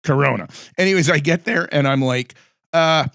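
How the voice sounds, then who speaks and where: A male host in casual conversation who spins animated anecdotes. His voice sits a little high for a man, and the recording is close and dry with no room around it. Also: moderate pace, creaky, dry recording. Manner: animated anecdotes, acts out quoted lines. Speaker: podcast host. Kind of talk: casual chat, storytelling.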